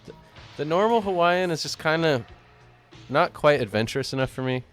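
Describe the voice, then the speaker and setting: A man hosting a live-streamed talk show, chatting casually in a relaxed, rambling way with occasional chuckles. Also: on the high side, moderate pace, soft background music. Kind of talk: casual chat.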